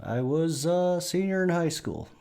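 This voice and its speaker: A man in his late forties from Michigan, co-hosting a podcast with dry, deadpan replies. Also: a little high, measured pace, vocal fry. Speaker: podcast co-host. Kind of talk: casual podcast banter.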